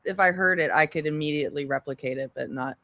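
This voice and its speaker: A woman's voice: low-pitched, quick pace, sharp tone, no echo. A woman co-hosting a casual gossip livestream, giggly and mocking, who likes doing voices. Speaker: livestream co-host.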